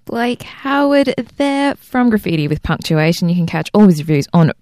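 Brief: woman radio host, lower voice, dry close studio sound, cheerful. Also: big pitch swings, normal speed, dry recording. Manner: bright, laughing, upbeat. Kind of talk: radio arts show hosting.

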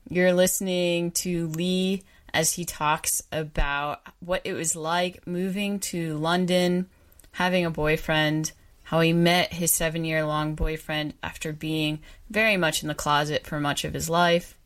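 A woman's voice: low-pitched, steady tone, measured pace. A woman hosting a podcast, narrating and commenting with reflective, wry asides. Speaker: podcast host.

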